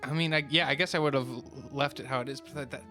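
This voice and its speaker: A man's voice: medium pitch, steady tone, quick pace, sharp tone, faint music behind. A man playing his character in a tabletop game, thinking aloud and repeating himself. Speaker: player. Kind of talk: casual tabletop play.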